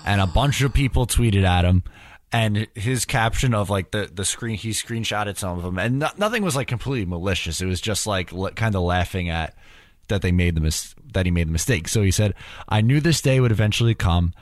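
A young adult man co-hosting a podcast in casual chat, speaking in an easygoing way and letting his sentences trail off softly. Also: sits low, expressive, brisk, dry recording, studio quality. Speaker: hockey podcast co-host.

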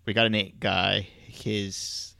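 Gravelly low-voiced podcast co-host man. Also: level tone, pushed and bright, no echo, studio quality. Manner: easygoing, halting, many fillers. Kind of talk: casual chat.

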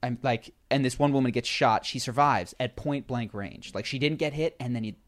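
Animated male storyteller in casual chat. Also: medium pitch, normal speed. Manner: animated storyteller, many fillers and restarts.

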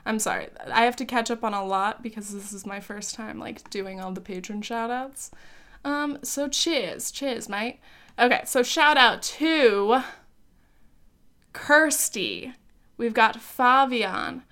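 A young woman hosts her own podcast in a casual solo chat, poking fun at herself with laughs, fillers and an occasional swear word. Her voice is a little high, bright and forceful, and she takes her time speaking.

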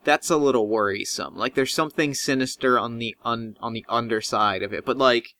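Bright-voiced man running a tabletop game. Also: medium pitch, fairly quick, no echo. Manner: casual, rambling with fillers. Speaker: game master.

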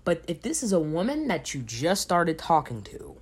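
A man's voice: fairly high pitch, huge pitch swings, normal speed, husky. A young man hosting a casual solo advice podcast late at night, sleepy, emphatic and repeating words for stress. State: sleepy, recording at 3 a.m. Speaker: podcast host. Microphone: home podcast mic.

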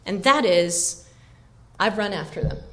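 A woman's voice: mid-range voice, expressive, a little slow. Reflective woman giving a keynote. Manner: reflective, with frequent ums and restarts. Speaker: keynote speaker. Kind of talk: keynote talk.

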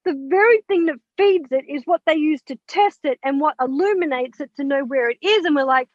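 A little fast and high-pitched, this woman tells her story in a casual interview about being an author and mentor. She brings the dialogue to life by acting it out and curses bluntly here and there. There's no room sound in the dull, dry, low-fi recording.

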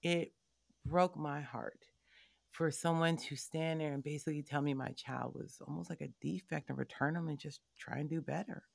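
A woman in her thirties, a board member, telling her family's story in an emphatic, animated way with pointed asides to the listener. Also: low-pitched, brisk, gravelly, hardly any pauses, no echo. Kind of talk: personal storytelling in a conversation.

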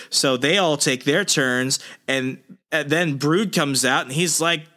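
A man's voice: medium pitch, unhurried. A man hosting a podcast, casually retelling a comic story and acting out the characters' lines. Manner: animated storyteller who acts out quotes. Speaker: podcast host.

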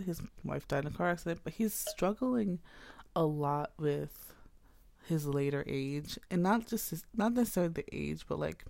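A woman casually recapping a story's plot, swearing freely and dropping quick asides. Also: low-pitched, creaky, a little mellow, no echo.

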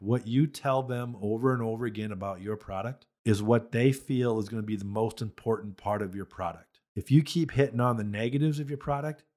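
A man's voice: lowish voice, a little mellow. A man who raises beef cattle, hosting a podcast and talking bluntly and emphatically about marketing with folksy conviction. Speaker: cattle farmer and podcast host. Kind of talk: motivational podcast talk.

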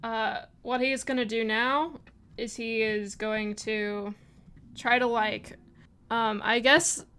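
A woman's voice: a little high, fairly even intonation, slow pace, sharp tone, clear, resonant tone. A woman running a tabletop role-playing game as game master, narrating casually with many fillers.

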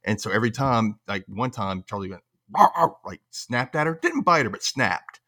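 A man's voice: lowish voice, lively intonation, normal speed, pushed and bright. A man in casual podcast chat, griping in an exasperated way. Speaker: podcast panelist.

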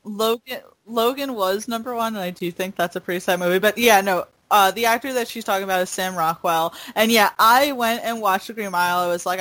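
A young woman co-hosts a casual podcast with a mid-range voice, talking quickly and bluntly with casual swearing. Her voice is recorded dry and close. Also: medium pitch, a bit bright, no echo, rough recording. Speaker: podcast co-host. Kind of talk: casual chat.

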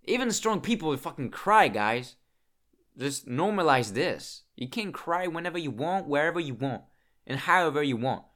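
A man's voice: fairly high pitch, lively intonation, normal speed, fairly bright tone. A young man vlogging in a casual, emotional monologue, swearing often and restarting his sentences as he talks about his feelings.

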